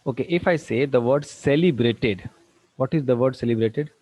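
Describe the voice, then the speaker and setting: A man teaching an online tutorial, firing quick questions at students and slipping into Hindi. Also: mid-range voice, a little mellow. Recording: dull lo-fi dry sound.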